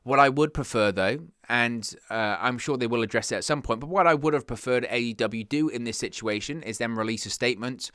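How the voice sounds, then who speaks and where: A man's voice: medium pitch, brisk, few pauses, a bit bright, clean tone, no echo, studio quality. A young man hosting a wrestling news show, talking earnestly and stumbling over words when he gets worked up. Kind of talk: casual news commentary.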